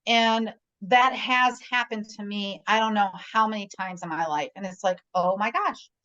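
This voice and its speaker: A woman's voice: mid-range voice, steady tone, normal speed, pushed and bright, highs cut off. Middle-aged lady on a video call, chatty, keeps asking "right?", natural voice. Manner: chatty storyteller, often asks "right?". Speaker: guest realtor. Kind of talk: casual conversation.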